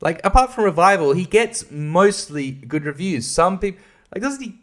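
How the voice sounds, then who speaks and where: A man's voice: sits high, lively intonation, normal speed, a bit bright. A man giving a casual, sweary, sarcastic album review, often laughing at his own jokes. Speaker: music reviewer.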